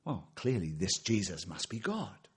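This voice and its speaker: Husky-voiced man preaching a lively sermon. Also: lowish voice, unhurried. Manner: expository preaching with rhetorical questions and quoted scripture.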